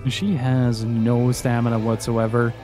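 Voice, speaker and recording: A man chatting casually through a game stream, dry and wry in his remarks. His voice sits at an ordinary middle pitch, with faint music under it. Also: unhurried. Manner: relaxed, wry running commentary. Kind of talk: casual gameplay commentary.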